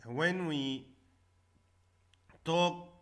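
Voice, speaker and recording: A man teaching a classroom English lesson, repeating each word and stressing the syllables loudly. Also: on the high side, drawn-out words.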